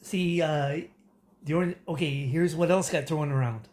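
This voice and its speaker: A man's voice: fairly high pitch, moderate pace, darkish tone. A man from Canada ranting in a casual, rambling way, full of fillers and restarts and breaking into laughter. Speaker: political commentator. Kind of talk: casual rant to camera.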